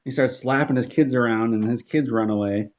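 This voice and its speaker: Brief: a man with a middle-pitched voice, deadpan rambling comic story, muffled lo-fi audio. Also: a little fast. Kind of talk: comedic storytelling.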